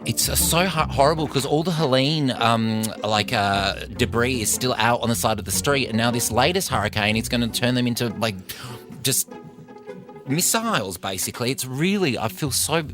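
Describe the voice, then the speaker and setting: A man's voice: medium pitch, expressive, music in the background. A man co-hosting a radio show, chatting casually and joking about celebrity gossip. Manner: gossipy, chatty, quick to joke. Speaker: radio co-host. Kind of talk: casual chat.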